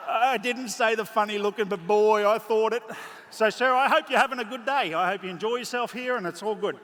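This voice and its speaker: A man's voice: high voice, a little fast, a bit bright, a little hiss or hum. Emotional, joking Australian horseman. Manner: emotional, joking, chatty storyteller. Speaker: horse trainer giving a clinic. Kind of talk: live clinic commentary from horseback. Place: large indoor horse arena. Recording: echoey arena with faint ambience.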